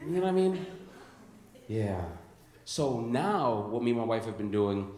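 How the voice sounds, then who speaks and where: A young man from Chicago doing a stand-up comedy set on a club stage, animated, laughing at his own lines and calling people "bro" and "dude.". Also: medium pitch, unhurried. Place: comedy club stage before a live audience. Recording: roomy club sound.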